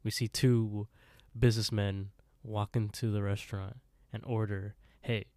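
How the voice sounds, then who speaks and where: A man's voice: lowish voice, a little slow, dry recording, studio quality. A man co-hosting a podcast, casually retelling a horror story and acting out characters' lines. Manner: relaxed storyteller acting out lines, laughs often. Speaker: podcast co-host.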